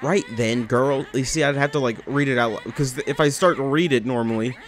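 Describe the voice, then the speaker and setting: A young man rambling excitably and swearing as he comments on a video game. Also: medium pitch, a little fast. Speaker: let's play gamer. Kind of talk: casual gameplay commentary.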